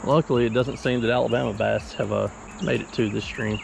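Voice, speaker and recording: A man hosting a fishing channel gives casual vlog commentary while wading in a mountain creek, chatting easygoing between casts. His medium-pitched voice is creaky and steady in tone, and he speaks briskly. The outdoor field recording catches insect noise.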